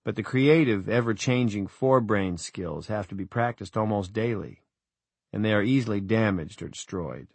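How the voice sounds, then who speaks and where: A man reads a first-person novel in a measured, reflective way. His voice is low. The recording is close and completely dry, with no room sound. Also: creaky, a little mellow, breathy edge, no room sound. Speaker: audiobook narrator. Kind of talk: first-person audiobook narration.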